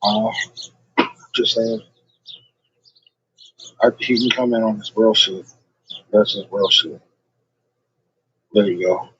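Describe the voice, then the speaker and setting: A man's voice: lowish voice, fairly even intonation, slow, pauses often, muffled recording, noisy background. A man ranting to his livestream chat in a rambling, combative way, swearing constantly.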